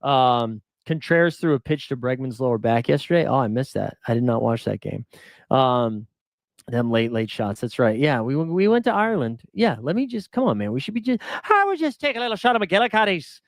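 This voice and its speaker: A man with a mid-range, sing-song voice hosts a casual fantasy baseball live stream, talking fairly quickly. He rambles, pokes fun at himself, and chuckles as he goes. The studio-quality recording has no echo.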